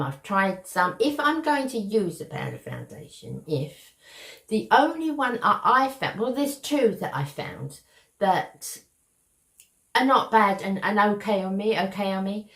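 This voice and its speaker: With a very animated, medium-pitched voice and a slightly slow pace, an older woman chats affectionately to her viewers in a casual beauty vlog. She has a Cockney accent from London's East End, and the recording has a roomy sound.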